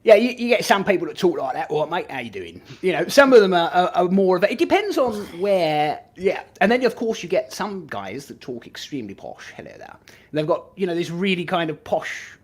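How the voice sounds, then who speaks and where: Lively Norfolk-accented Englishman chatting. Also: high-pitched, fairly quick, slightly rough. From England. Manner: animated, laughs often, trails off and restarts. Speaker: podcast guest. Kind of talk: casual chat.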